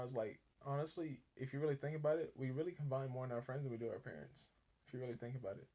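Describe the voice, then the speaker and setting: A man co-hosting a podcast, chatting in a quick, reflective way. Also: medium pitch, darkish tone. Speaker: podcast co-host. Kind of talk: casual chat.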